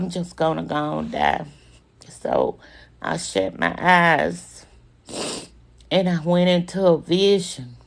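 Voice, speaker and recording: A woman with a low, creaky voice livestreams her personal survival story. Emotion runs through it as she holds back tears, and she refers to her listeners as "y'all" and "babies."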